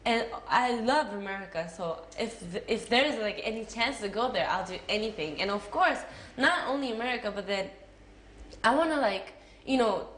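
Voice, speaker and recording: A woman's voice: fairly high pitch, animated, moderate pace, fairly bright tone. A young woman with a Japanese accent answering interview questions in a casual, chatty way, full of fillers and giggles. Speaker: interviewee, actress. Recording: echoey room with faint noise.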